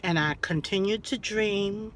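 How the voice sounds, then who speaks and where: A middle-aged woman telling a story to her viewers in a casual, animated way, acting out the quotes and laughing as she goes. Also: mid-range voice, unhurried. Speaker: vlogger.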